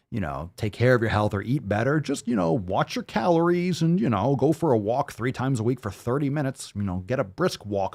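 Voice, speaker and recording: Brief: male fitness-show host, heated profane rant, mid-pitched voice. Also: creaky. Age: adult, 30s or older.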